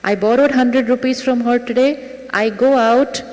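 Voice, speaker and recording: A woman spiritual teacher giving a talk to a live audience, speaking gently and asking them rhetorical questions. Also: a little high, steady tone, moderate pace. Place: lecture hall with audience. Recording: long reverb of a large hall.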